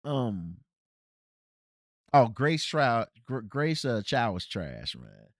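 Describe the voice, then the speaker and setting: A man's voice: very slow, no room sound, studio quality. A man hosting a casual solo movie review podcast, rambling with restarts and fillers. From Cincinnati, US. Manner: rambling, frequent restarts and fillers, animated swings in pitch.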